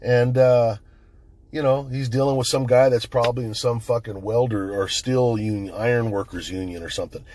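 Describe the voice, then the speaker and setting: A middle-aged channel host delivers a blunt, casual monologue, telling stories and swearing constantly. His mid-range voice is steady and darkish at a normal speed, with slight background noise.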